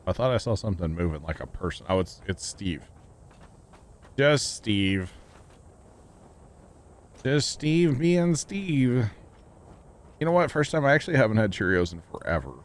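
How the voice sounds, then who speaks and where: A man chatting casually while livestreaming a video game, rambling and joking as he thinks out loud. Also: low voice, lively intonation, a little fast. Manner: rambling, jokey, thinking aloud. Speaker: game streamer. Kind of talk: casual gameplay livestream chat.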